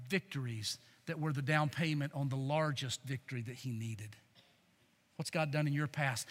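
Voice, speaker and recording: A man's voice: a little high, a bit bright. A man preaching a sermon, emphatic and stirring, calling the congregation to respond. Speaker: pastor. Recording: long hall reverb.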